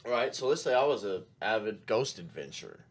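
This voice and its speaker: Chatty man full of quick agreement. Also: on the low side, lively intonation. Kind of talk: casual chat.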